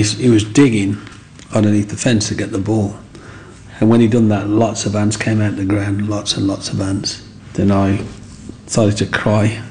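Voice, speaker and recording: In this low-quality recording with a little hiss or hum, a man with a fairly low, darkish voice is being interviewed. He earnestly recalls his childhood in a rambling, heartfelt way, drifting into frequent asides as he tells the story.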